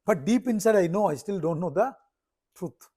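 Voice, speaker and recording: A man's voice: high-pitched, lively intonation, moderate pace, dark tone, slightly rough. A man, a spiritual teacher explaining scripture and telling stories, often checking in with his listeners.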